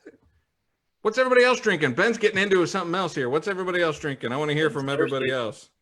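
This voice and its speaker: A man with a slightly high voice co-hosts a casual podcast happy hour on a live stream. He reads out viewer comments in a relaxed, halting way, with plenty of fillers.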